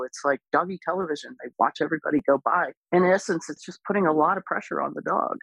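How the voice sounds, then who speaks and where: A woman dog trainer speaking as an interview guest, explaining patiently and calmly, with lively bursts when she imitates other people. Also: low-pitched, quick pace, creaky, few pauses, slightly rough, no echo, rough recording. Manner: calm, explains patiently, animated when imitating excited owners. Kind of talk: casual explanatory interview talk.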